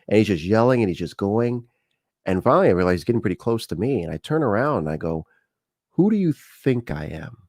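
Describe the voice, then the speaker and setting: A low-pitched man with an American accent hosts a live talk stream. He tells personal stories loosely, restarting sentences and filling pauses with ums. His voice sits close and dry, with no room sound around it. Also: lively intonation, a little mellow, no echo. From United States. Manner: conversational storytelling with frequent fillers and restarts. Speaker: show host.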